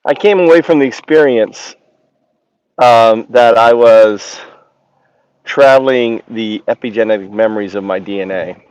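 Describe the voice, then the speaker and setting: Man, mid pitch, rambling monologue, halting and searching for words, dull lo-fi sound. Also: a little mellow, clear, resonant tone, no echo. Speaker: channel host. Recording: dull lo-fi recording.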